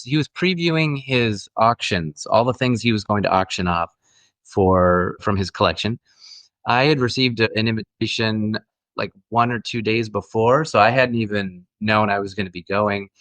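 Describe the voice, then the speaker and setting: A man's voice: medium pitch, normal speed, fairly bright tone, dry recording. A middle-aged man, an actor guest, telling stories in a friendly, casual interview chat with frequent restarts.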